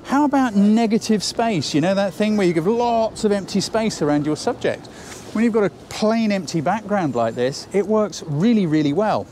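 On location for a photo shoot, a man teaches photography outdoors and then inside a building, thinking aloud as he works in a chatty, encouraging way. His voice sits high and is expressive and dark in tone, moving at normal speed with few pauses. There's a little hiss or hum in the recording.

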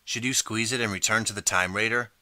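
A man reading a choose-your-path storybook aloud in the second person, steady and clear. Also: on the low side, brisk, no echo. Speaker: audiobook narrator.

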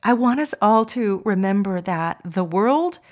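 A woman's voice: medium pitch, animated, unhurried. Chatty woman podcast host giving affirmations. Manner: chatty, warm affirmations, laughs often. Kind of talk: casual affirmation talk.

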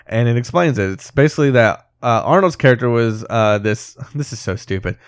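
A man's voice: mid-range voice, expressive, fairly quick, smooth, no room sound, clean studio sound. A man co-hosting a podcast, chatting casually and reading out film trivia notes with frequent laughs. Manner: laughs often, reads trivia notes aloud. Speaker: podcast co-host. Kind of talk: casual chat.

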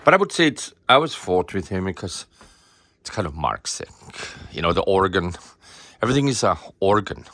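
A man's voice: sits low, very animated, moderate pace, pauses often, sharp tone. A man, an artist musing aloud in a rambling, profane, self-interrupting monologue.

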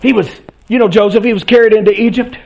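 A man preaching in a church with a remarkably high voice and a gravelly edge. His sermon is fervent, rising to shouted calls and then falling to a near whisper. He works through it with the rhythm of a seasoned preacher. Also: steady tone, fast, poor audio. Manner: impassioned, shouting into preaching peaks, dropping to a hush.

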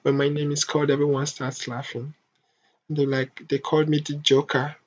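Soft, husky, halting young adult vlogger. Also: medium pitch, little pitch movement. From Africa. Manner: halting, emotional, soft-spoken. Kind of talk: personal confessional monologue. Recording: dull lo-fi home recording.

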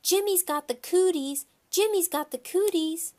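A woman voicing a bossy, whiny young schoolgirl in a storybook, with a shrill, pleading manner. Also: sing-song, moderate pace.

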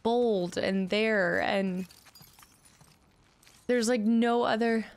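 Chatty woman gamer muttering combinations. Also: fairly high pitch. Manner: mutters number combinations to herself, chatty with viewers, laughs often. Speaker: gaming streamer. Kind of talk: let's play commentary.

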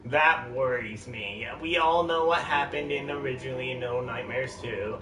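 A man's voice: mid-range voice, normal speed, over music. Man streaming a game, roomy and distant. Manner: jokey, jumpy outbursts. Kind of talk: casual gameplay commentary. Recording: roomy, distant mic, noisy.

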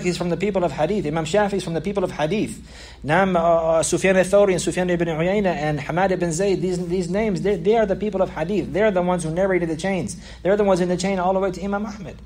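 A man whose voice sits high with a darkish tone gives a religious lesson on a classical text. He restarts and repeats phrases, reading the quoted passages quickly.

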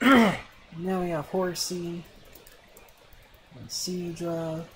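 A let's play gamer talking casually at a middling pitch, reading out the in-game dialogue and dropping dry, sarcastic remarks in between. They keep clearing their throat as a cold sets in, and a faint hiss sits under the voice. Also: fairly even intonation, drawn-out words, fairly bright tone, poor audio. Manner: reads game dialogue aloud with sarcastic asides.

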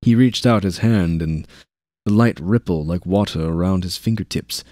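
A man reading a war novel aloud as narrator, with steady narration and shouted dialogue lines. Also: low voice, moderate pace, dry recording, clean studio sound. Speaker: audiobook narrator.

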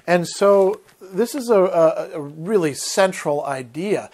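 Male lecturer, fairly high voice, thoughtful, restarts his sentences as he explains a book. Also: slow, few pauses, darkish tone. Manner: thoughtful, hesitant restarts, reads passages aloud. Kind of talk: literature lecture with readings.

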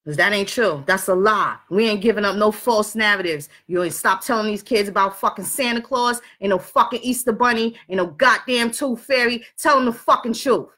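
A woman telling a story and ranting in a blunt, profane, animated way. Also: medium pitch, normal speed, hardly any pauses. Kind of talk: casual rant and storytelling.

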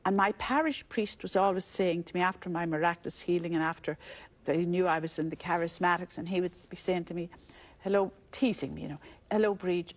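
A woman's voice: lowish voice, quick pace. An older woman from Ireland with an Irish accent, a religious sister telling the story of her calling in a conversational interview, acting out the voices in it and laughing easily.

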